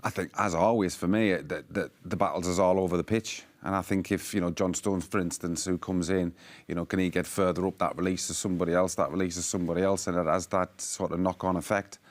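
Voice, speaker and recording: A man giving football analysis on a matchday show. His voice is very deep. He talks in a measured, rambling way and often restarts his sentences. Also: fairly even intonation. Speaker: football pundit. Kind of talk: casual pundit chat.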